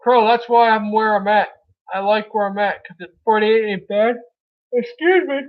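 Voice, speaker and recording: Through tinny, phone-like audio, a high-voiced man speaks at normal speed while hosting a casual livestream chat. He's from Milwaukee, Wisconsin, rambles loosely, and addresses viewers as brother.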